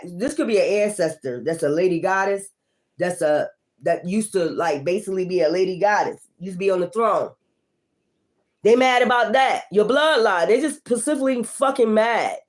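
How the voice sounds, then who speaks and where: A woman giving a casual tarot reading, blunt, profane and confrontational, moving between loud outbursts and low muttering. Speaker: tarot reader.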